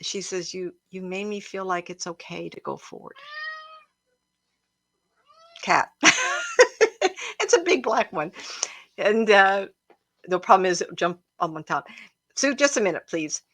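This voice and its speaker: Speaking at a fairly low pitch with lively intonation, this woman takes her time and pauses often. Her tone is fairly bright and the recording dry. She hosts a home psychic live stream, telling chatty, emotional stories directly to viewers while her cat jumps around.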